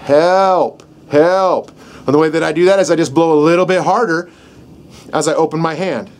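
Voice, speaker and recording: Out in the countryside with dogs barking close by, a middle-aged man shows how to work a game call, chatting in a folksy, easygoing way and tossing in "right?" again and again. His voice sits fairly high, holds a steady tone, and moves quickly. Faint outdoor noise hums underneath.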